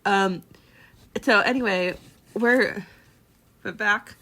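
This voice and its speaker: A woman's voice: medium pitch, drawn-out words, pushed and bright. A woman co-hosting a podcast in casual chat, rambling with many fillers and restarts. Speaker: podcast co-host.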